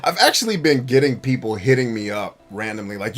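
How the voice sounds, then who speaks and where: A man hosting a live stream in casual chat, talking bluntly and profanely, laughing often and bursting into shouts when he acts out a scene. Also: medium pitch, sing-song, fairly quick, hardly any pauses. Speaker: streamer and gaming show host.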